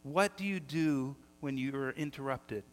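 A middle-aged man preaching a sermon as pastor, telling stories with lively energy and often repeating words as he starts sentences. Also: medium pitch, measured pace. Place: church sanctuary. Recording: long hall reverb.

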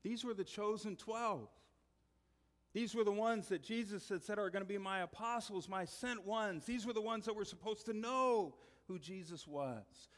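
High-voiced male pastor in a reverberant hall. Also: moderate pace. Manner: conversational storytelling, dropping to quiet earnest tones. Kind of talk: sermon.

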